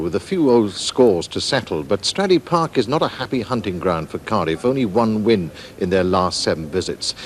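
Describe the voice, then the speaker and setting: A man narrating a scripted rugby match report in a measured, formal way. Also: fairly low pitch. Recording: match footage with loud crowd noise. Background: stadium crowd.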